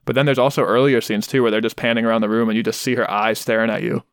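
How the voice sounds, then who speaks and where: Fast-talking man on a podcast. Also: mid-range voice, flat delivery, no echo, clean studio sound. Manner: quick, matter-of-fact, introduces matchups. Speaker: podcast co-host. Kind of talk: casual chat.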